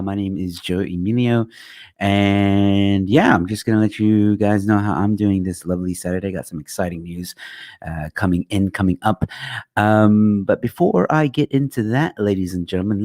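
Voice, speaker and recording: This young male livestream host has a fairly low, darkish voice. He keeps things jokey and rambling while plugging his channel in a casual chat, recorded on a good-quality mic.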